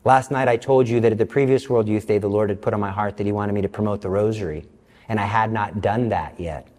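A man putting on the calm, lowered voice of God giving firm commands. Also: fast, long reverb tail, close to an everyday voice. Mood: stern calm. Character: calm deep-voiced God speaking, stern.

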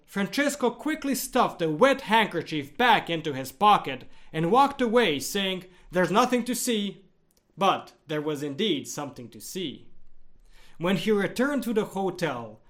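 A man narrating a devotional story in a measured, expressive storytelling manner. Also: high-pitched.

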